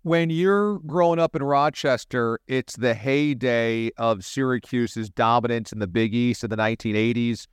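A man hosts a casual sports interview with a clear, dry voice. His pitch sits in the middle. He is chummy and eager as he sets up each question. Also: moderate pace, hardly any pauses, dry recording. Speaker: podcast host.

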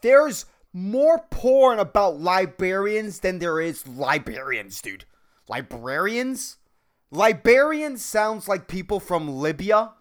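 A man's voice: high-pitched, sing-song, slow, few pauses. Rambling, profane man in his thirties. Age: 30s. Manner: rambling, profane, says "dude" and "man" constantly; jumps between topics, self-mocking. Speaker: podcast host. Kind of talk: solo casual rant.

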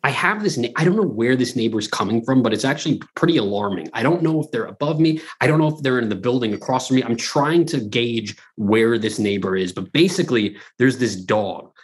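A man co-hosting a podcast in casual banter, rambling and animated with frequent restarts and profanity. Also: mid-range voice, a little fast, few pauses, husky. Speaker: podcast co-host.

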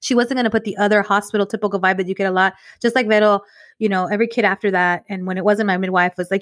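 A woman, co-hosting a podcast and telling a personal story in casual chat, animated and acting out the voices she quotes. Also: mid-range voice, fast, no echo, clean studio sound. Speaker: podcast co-host.

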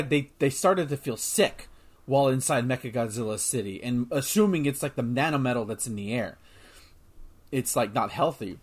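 Man, casual film review chat, rambling, excitable, swearing, restarts. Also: mid-range voice. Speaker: podcast host.

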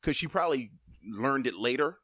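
Animated man bantering casually. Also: mid-range voice, moderate pace, no echo, studio quality. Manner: animated, joking, slangy.

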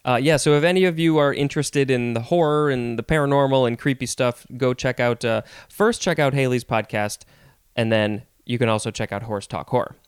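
A man hosting a podcast, talking in a relaxed, hesitant way with many pauses while interviewing a guest. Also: mid-range voice, clean tone, dry recording, studio quality. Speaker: podcast host. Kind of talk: casual interview chat.

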